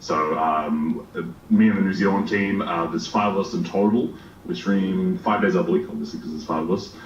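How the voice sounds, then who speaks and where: Guest, young man, very low voice, hesitant, recorded far off in a roomy space on a dull mic. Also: normal speed, a little hiss or hum. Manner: hesitant, lots of ums and uhs. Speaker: guest, game streamer. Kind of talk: casual podcast chat. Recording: distant, echoey, dull mic.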